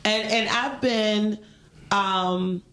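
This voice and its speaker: A woman co-hosting a casual morning talk show, telling stories lively and acting out the voices of the people in them. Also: medium pitch, drawn-out words. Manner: animated storytelling with quoted dialogue. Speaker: co-host. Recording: roomy studio echo.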